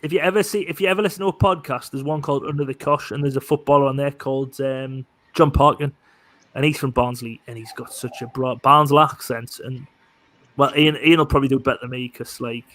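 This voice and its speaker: A man's voice: mid-range voice, fairly even intonation, a little fast, fairly bright tone, no room sound. A man hosting a casual live stream chat, talking in a rambling way with many restarts. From northern England.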